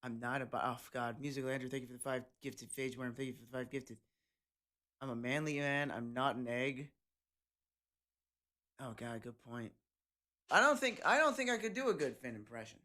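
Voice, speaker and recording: A man's voice: medium pitch, normal speed, pauses often, bright, forceful tone. Crude, rambling male streamer. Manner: rambling, crude and joking, reading chat aloud. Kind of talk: casual stream chat. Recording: background music under voice. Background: game music.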